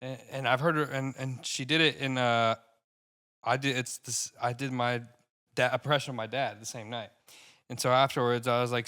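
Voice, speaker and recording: A young man with a steady, sharp, clear and resonant medium-pitched voice co-hosts a podcast. A stand-up comic, he rambles profanely about stand-up in casual chat and quickly gets heated.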